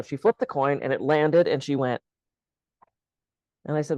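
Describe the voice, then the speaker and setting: A woman's voice: low voice, brisk, no echo, rough recording. A woman co-hosting a casual talk, telling stories about her clients and acting out both sides of the dialogue. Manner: animated storyteller, acts out dialogue. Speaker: practitioner and co-host. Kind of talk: casual conversation.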